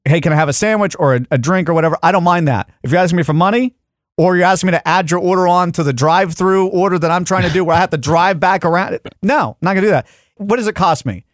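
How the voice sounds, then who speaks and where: A man's voice: high voice, fast, no room sound. A man hosting a radio show, telling a story in casual studio banter and acting out the people he quotes. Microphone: studio mic.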